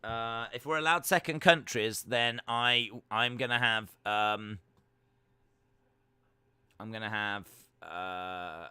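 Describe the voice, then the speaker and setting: Bright-voiced British man bantering. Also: lowish voice, takes it slowly, clean tone, dry recording, studio quality. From United Kingdom. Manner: jokey, teasing, deadpan banter. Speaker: live-stream host. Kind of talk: casual chat reading viewer comments.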